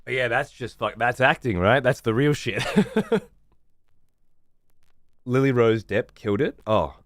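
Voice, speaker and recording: A man's voice: mid-range voice, animated, measured pace, fairly bright tone, no echo, clean studio sound. A man streaming a game, chatting casually in a rambling, heavily profane way. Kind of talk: casual chat while gaming.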